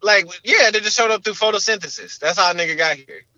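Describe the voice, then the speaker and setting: A young man co-hosting a podcast, talking in an animated, slangy way and leaning on filler words. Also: sits high, fast, dry recording, highs cut off. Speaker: podcast co-host. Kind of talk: casual podcast chat.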